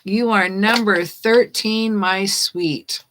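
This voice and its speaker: A woman giving tarot readings on a casual live stream, chatting and reading card meanings aloud as she thinks out loud. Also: mid-range voice, fairly even intonation, slow pace, slight background noise, rough recording. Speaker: tarot reader.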